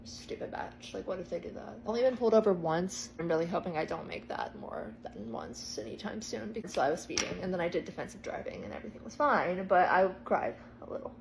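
A woman in her twenties telling a casual storytime vlog, chatty and self-deprecating, with quick asides. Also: fairly low pitch, big pitch swings, gravelly, a little hiss or hum, low-quality recording. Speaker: TikTok storyteller. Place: parked car in the rain. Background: faint rain ambience.

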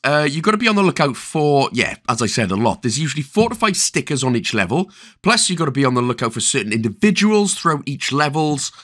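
A Welsh man walks viewers through a game achievement in a slightly high, bright, sing-song voice with wide pitch swings and a quick pace. He sounds like a regular gaming host addressing his audience directly, tossing in playful, jokey asides between the instructions.

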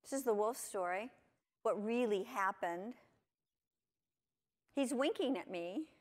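A woman giving a lively conference talk to teachers, asking her audience lots of questions. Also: mid-range voice, slow pace. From United States. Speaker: conference presenter. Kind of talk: lecture to teachers. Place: conference hall.

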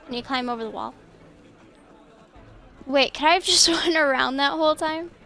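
High, bright-voiced woman chatting over gameplay. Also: moderate pace, some chatter behind. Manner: chatty, apologetic, bursts of surprised laughter. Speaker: gameplay streamer. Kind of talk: casual game commentary.

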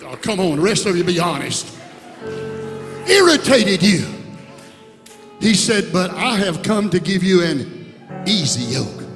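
A bishop preaching an impassioned sermon in a church sanctuary, swinging between soft words and shouts. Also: male voice, high voice, very animated, unhurried, long pauses. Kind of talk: Pentecostal sermon. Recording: reverberant church hall with music.

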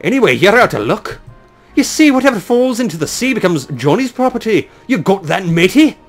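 A man's voice: high-pitched, big pitch swings, soft background music, voice pushed up, exaggerated voice. A man voicing a boastful, taunting male shark pirate in a clumsy, exaggerated pirate accent. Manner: gruff, taunting, drawn-out growls.

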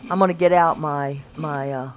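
A woman's voice: low voice, normal speed. A woman giving casual commentary while playing a video game, exclaiming and talking to her in-game animals. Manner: excitable, exclaims a lot, talks to her pets in the game. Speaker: gameplay video creator. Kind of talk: casual let's-play commentary. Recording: faint background noise.

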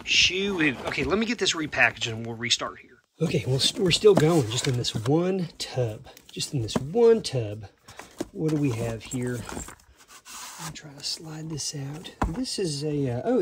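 Excited man unboxing, slow and halting. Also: on the high side, background noise. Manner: excited, halting, drops to a whisper at times. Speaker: reseller vlogger. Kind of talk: casual unboxing commentary.

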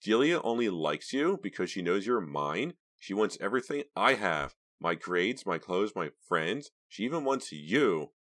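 A man's voice: low voice, sing-song, unhurried, few pauses, a bit bright, pitched above the performer's own voice, full character voice. A man voicing a jealous, fiery teenage girl who talks in an upset, accusing way.

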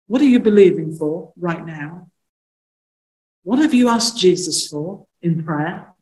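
A woman minister preaching a sermon, earnest, asking the listeners pointed questions and slowing down to stress key phrases. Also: fairly low pitch, darkish tone, poor audio.

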